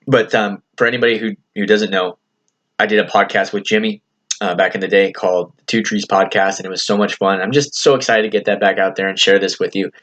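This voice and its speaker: A man's voice: lowish voice, steady tone, fairly quick, a bit bright. A man hosting his own podcast, talking in an earnest, rambling motivational way, full of "you know" fillers and casual swearing. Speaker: podcast host. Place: lives in California.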